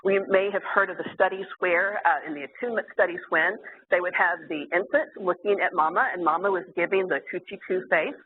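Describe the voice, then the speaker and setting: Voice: mid-range voice, a little fast. A therapist giving an earnest, explanatory lecture to clinicians, with occasional fillers. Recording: tinny phone-like sound, faint hiss.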